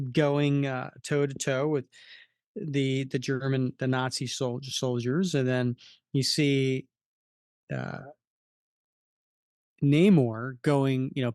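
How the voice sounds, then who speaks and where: A man's voice: medium pitch, no echo, studio quality. A man co-hosting a casual comic book podcast, walking through the panels unhurriedly with many fillers. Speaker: podcast co-host.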